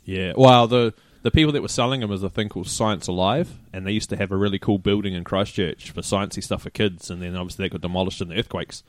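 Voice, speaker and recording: Low-voiced easygoing podcast co-host man. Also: quick pace, few pauses, no echo. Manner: easygoing, relaxed recounting with fillers. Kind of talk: casual chat.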